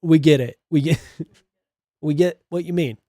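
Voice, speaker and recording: A man's voice: a little high, unhurried, mellow, no echo, clean studio sound. Sarcastic, laughing man streamer. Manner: sarcastic, laughs often, swears. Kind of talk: reading posts aloud and reacting.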